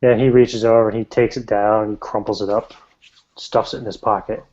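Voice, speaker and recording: Guy running a western tabletop game, mellow and soft toned, kinda muffled audio. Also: lowish voice, flat delivery. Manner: halting, many fillers. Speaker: game master. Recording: slightly muffled lo-fi recording.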